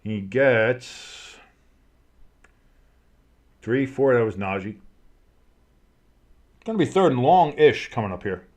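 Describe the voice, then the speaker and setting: Man, fan-stream play-by-play host, casual and crude, erupts on big plays, mid-pitched voice. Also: takes it slowly, long pauses. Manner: excitable, crude jokes, shouts on big plays.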